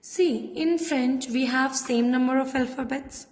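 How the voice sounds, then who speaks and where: A woman with an Indian English accent teaches a classroom lesson at a slow, deliberate pace, her voice pitched a little high. She repeats each point patiently. The room is echoey, with a long reverb tail. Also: a little mellow. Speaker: French teacher.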